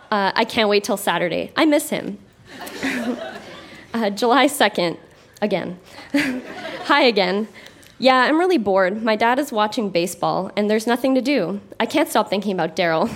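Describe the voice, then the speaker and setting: Young woman, stage reader of her teen diary, light high voice, keeps laughing at herself. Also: slight background noise. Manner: amused, breaking into laughter between entries. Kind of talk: reading her childhood diary aloud. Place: live stage before an audience.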